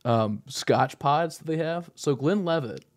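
A man's voice: fairly high pitch, animated, a crowd in the background. A young man co-hosting a podcast, joking and rambling in casual chat. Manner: joking, rambling, quick to laugh. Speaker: podcast co-host.

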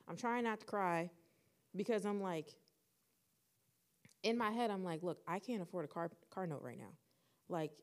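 A young woman with a slightly low voice tells a personal story on a casual podcast. She talks in an easy way and acts out quoted lines with lively changes in tone. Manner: animated, acts out quoted dialogue. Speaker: podcast co-host.

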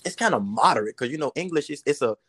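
A man's voice: fairly high pitch, animated, quick pace, husky. A man hosting a podcast in casual chat, teasing his friend and laughing often in loose, slangy talk. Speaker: podcast host.

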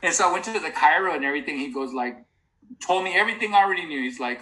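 A man's voice: mid-range voice, expressive, very fast, pushed and bright, echoey room, rough recording. A middle-aged man in casual podcast chat, telling a long rambling story with frequent restarts and laughs. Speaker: podcast co-host.

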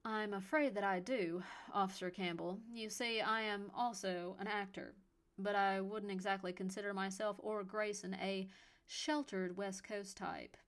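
A woman's voice: medium pitch, fairly even intonation, measured pace, natural voice. Woman as a composed, firm actress and mother in an audiobook. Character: working actress and mother, calm but firm.

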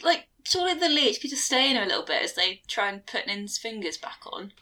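Bright-voiced woman co-host, expressive and laughing, casual chat. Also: on the high side, quick pace.

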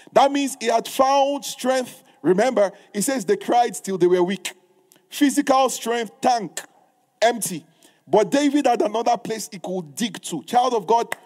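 Emphatic male preacher with a high voice; reads old-style scripture and drives points home with repetition. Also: darkish tone. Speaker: pastor. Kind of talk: sermon.

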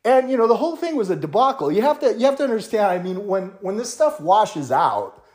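A man's voice: sits high, brisk. A man telling a story in a casual monologue, swearing freely and slipping into mock quotes. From United States. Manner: profane, animated ranting with mock quotes.

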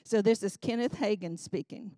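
A woman leading a Bible study, reading aloud from a book and teaching in an earnest, expressive way. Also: mid-range voice, moderate pace, dry recording, studio quality.

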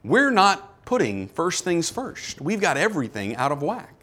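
Male pastor, slightly high voice, conversational but emphatic preaching, lots of rhetorical questions. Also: huge pitch swings, a little slow, bright, forceful tone. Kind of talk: sermon.

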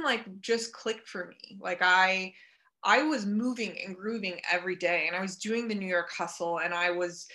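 A woman's voice: fairly low pitch, pushed and bright. A woman, a health coach and personal trainer, telling her story in a casual, reflective interview with chatty fillers and restarts. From Kansas City area.

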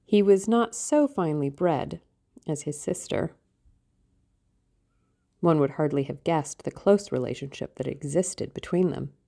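A woman narrating an audiobook in a measured, steady way. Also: sits low, creaky. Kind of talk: scripted narration.

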